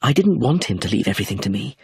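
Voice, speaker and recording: A man reading an audiobook, voicing a serious young woman who speaks quietly and firmly. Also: medium pitch, fast talker, creaky, husky, no room sound, exaggerated voice. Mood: fearful. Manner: quiet, steady, decided.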